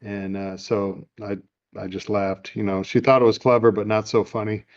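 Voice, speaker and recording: A man hosting a casual chat, recapping a movie in a relaxed, rambling way with lots of fillers. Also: on the low side, moderate pace, lo-fi sound. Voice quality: easygoing, rambling with many fillers. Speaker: podcast host. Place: home room.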